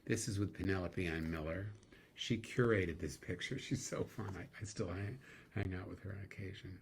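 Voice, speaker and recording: A middle-aged man, a guest actor, telling animated stories in a casual interview, laughing now and then. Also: sits low, moderate pace, gravelly, husky.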